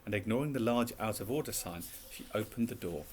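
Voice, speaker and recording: A man narrating a storybook reading in a calm, even way. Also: fairly low pitch, fairly quick.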